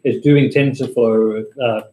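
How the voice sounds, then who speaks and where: A man's voice: mid-range voice, fairly even intonation, a little slow, warm tone. A man chatting and joking casually with others at a user group meeting. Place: meeting room. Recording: roomy meeting room, faint noise.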